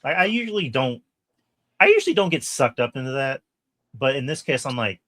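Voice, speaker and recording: A man's voice: mid-range voice, a little fast, no room sound. A man co-hosting a podcast, chatting casually about a horror film, swearing a lot and acting out lines from it. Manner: animated, swears a lot, acts out movie lines. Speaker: podcast co-host. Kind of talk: casual movie review chat.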